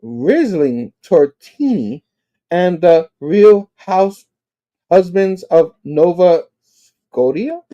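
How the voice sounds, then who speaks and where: Guy putting on a sweet teasing old aunt, slow drawn-out lines, high lively voice. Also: muffled recording, heavily acted. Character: older woman aunt, doting and teasing.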